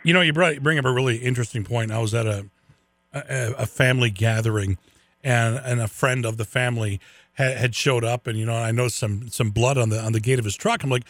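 A man hosting a radio show, chatty and animated, telling stories with quick restarts. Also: mid-range voice, dry recording. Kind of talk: casual radio interview.

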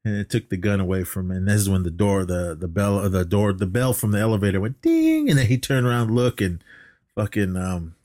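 A man's voice: low-pitched, fairly even intonation, fairly quick, darkish tone, no room sound, clean studio sound. A man co-hosting a podcast, recapping a movie in a casual, rambling way with lots of fillers and restarts, coughing now and then. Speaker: podcast co-host.

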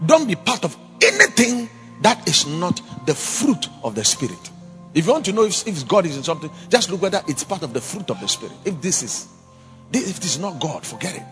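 A man preaches in a lively, emphatic style, his voice bright and fairly high for a man. His delivery swings between loud exhortation and quiet asides. The sound carries a long church-hall reverb with faint music underneath. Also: a little fast. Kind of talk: sermon.

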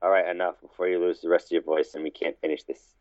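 A man's voice: sits low, little pitch movement, fast talker, a little mellow. A man co-hosting a casual podcast with crude, teasing banter. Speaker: podcast co-host. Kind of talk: casual chat. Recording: tinny phone-like line.

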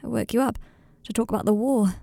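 Remorseful young man, tearful and halting, gravelly and mellow, read by a woman. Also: on the high side, no room sound. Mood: distressed. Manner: tearful, apologetic.

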